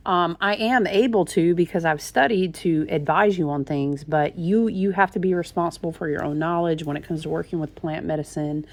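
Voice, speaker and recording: A woman's voice: fairly low pitch, moderate pace, few pauses. A woman tarot reader in a gushing, chatty talk to her viewers, often calling them y'all. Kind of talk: casual chat.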